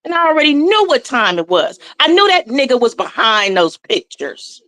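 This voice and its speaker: A woman's voice: high voice, sing-song, moderate pace, fairly bright tone, no echo. A woman in her forties with a Southern US accent, giving blunt, profane, impassioned commentary as a guest. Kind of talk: heated casual commentary.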